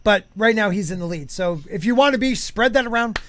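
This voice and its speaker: A man's voice: sits high, lively intonation, brisk, fairly bright tone, dry recording. A man hosting a casual live-stream podcast, rambling with many fillers and restarts while reading out chat comments. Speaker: podcast host.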